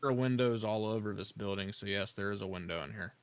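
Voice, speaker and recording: Man, low-pitched game master, halting casual narration full of restarts. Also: clean tone, no echo, poor audio.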